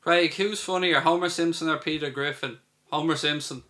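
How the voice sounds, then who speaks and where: An Irish man hosts a live football watchalong in a casual, chatty way. His voice sits a little high and sounds bright and forward. He reads out viewer questions and answers them as he goes. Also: fairly even intonation, normal speed. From Ireland. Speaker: host.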